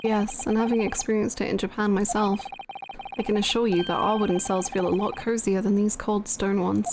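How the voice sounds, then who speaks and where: A woman's voice: mid-range voice, little pitch movement, fairly quick, background noise, voice pushed down, close to an everyday voice. A woman reading aloud as an earnest young male defense lawyer in a game. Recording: game music behind.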